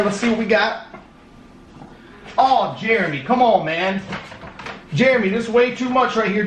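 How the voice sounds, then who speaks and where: A man with a high, bright voice and a forceful tone vlogs while opening fan mail. He chats casually, cursing and joking, and stumbles a little when reading the notes aloud.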